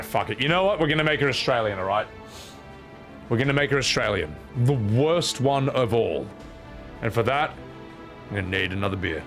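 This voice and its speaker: A man's voice: medium pitch, creaky, fairly bright tone. Joking young male game streamer. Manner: joking, self-mocking, chats to his audience. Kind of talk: casual game commentary.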